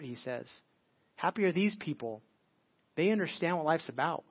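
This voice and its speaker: A man's voice: fairly high pitch, expressive, moderate pace, slightly rough, highs cut off. A middle-aged male pastor preaching a sermon in a casual, conversational way, acting out quoted dialogue.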